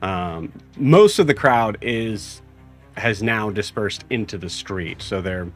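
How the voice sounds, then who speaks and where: A young man narrating as game master, halting and full of fillers as he describes the scene. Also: on the low side, lively intonation, faint music behind.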